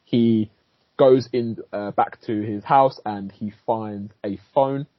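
A man's voice: on the low side, steady tone, slow pace, no echo, muffled recording. A man, a podcast co-host recapping a TV episode in rambling casual chat, swearing and laughing as he goes.

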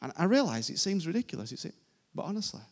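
Gravelly preacher man. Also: high voice, big pitch swings, fast. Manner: informal, emphatic, repeats phrases. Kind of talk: sermon. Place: church service before a congregation.

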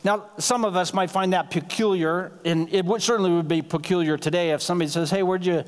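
A man's voice: high-pitched, fairly even intonation. A man preaching as pastor, in a conversational sermon style that slips briefly into acted-out dialogue. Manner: conversational, acts out quick dialogue lines. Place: church sanctuary. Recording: long hall reverb.

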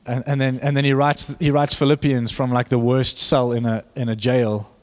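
A young man preaching a sermon, animated and joking with the congregation, building to fervent emphasis. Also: mid-range voice, normal speed. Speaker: pastor.

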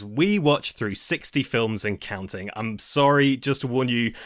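A man's voice: mid-range voice, animated, moderate pace, few pauses, fairly bright tone, no echo, clean studio sound. Playful man hosting a podcast. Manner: playful, jokey. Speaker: podcast host. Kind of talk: podcast chat with scripted intro.

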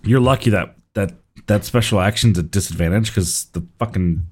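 A man's voice: fairly low pitch, normal speed, darkish tone. A man running a tabletop game as game master, casual, swearing freely and laughing often.

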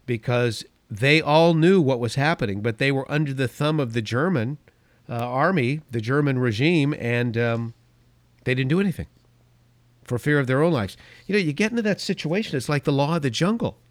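A middle-aged man talks through his opinion podcast in an emphatic, rambling way, drifting from one story to the next. His voice sits at an ordinary middle pitch. The sound is dry and close, with no room around it. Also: moderate pace, no echo. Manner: rambling, emphatic, goes off on tangents. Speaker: podcast and radio host.

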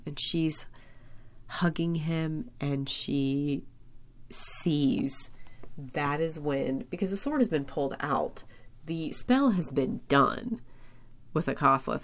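A woman casually recapping a TV episode, rambling and enthusiastic, full of fillers. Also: low-pitched. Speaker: podcast host recapping an episode.

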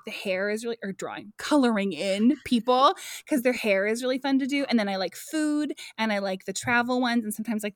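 A woman's voice: fairly high pitch, no room sound, studio quality. A woman co-hosting a podcast in casual chat, chatty, with many fillers and restarts and frequent laughs. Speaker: podcast co-host.

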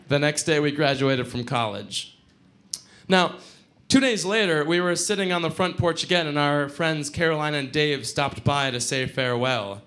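A man in his twenties telling a personal story on stage, profane, wry and animated. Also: medium pitch. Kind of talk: live storytelling performance.

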